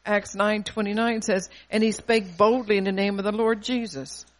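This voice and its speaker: Older preacher giving a bold sermon, quotes verses, keeps asking "are you listening" type questions, mid pitch. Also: fairly even intonation, normal speed. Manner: emphatic, scripture-quoting, rhetorical questions.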